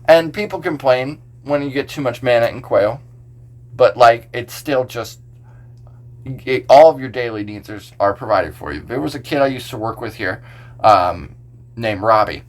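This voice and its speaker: Relaxed man, pastor on a podcast. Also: lowish voice. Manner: relaxed, explains scripture verse by verse with filler "like". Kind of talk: casual podcast discussion.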